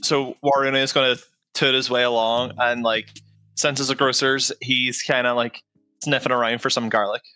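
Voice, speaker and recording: Man, tabletop player, casual and laid-back, bright forceful tone. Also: mid-range voice, little pitch movement, normal speed, clean tone, soft background music. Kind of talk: tabletop game play.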